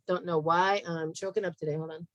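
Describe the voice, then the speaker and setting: A woman with a low, unhurried voice talks casually through a nutrition chart, breaking off for quick asides and filling gaps with ums. The sound is close and dry, with no room echo. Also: steady tone, fairly bright tone, highs cut off. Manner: chatty, self-interrupting, with fillers and asides. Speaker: podcast host and health practitioner. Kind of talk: casual presentation over screen share.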